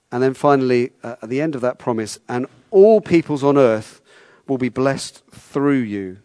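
A man's voice: medium pitch, normal speed, dark tone, no room sound. A man preaching a sermon in a conversational way, often repeating words and asking his listeners questions.

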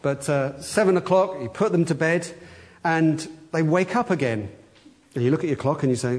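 A man's voice: fairly high pitch, normal speed. A middle-aged man, a church elder, giving a conversational sermon with wry humor and acted-out quotes.

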